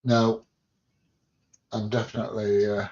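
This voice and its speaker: A man's voice: lowish voice, level tone, a little slow, a little mellow. English man, livestream host, casual chat, mildly sweary, home stream, muffled sound. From England. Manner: blunt, joking, mildly sweary. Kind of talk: casual chat reading viewer comments. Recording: dull lo-fi stream audio.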